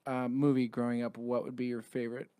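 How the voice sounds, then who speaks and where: A man's voice: medium pitch, level tone, dark tone, clean tone. Chatty male podcast host. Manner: chatty, asks quick teasing questions. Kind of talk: casual chat.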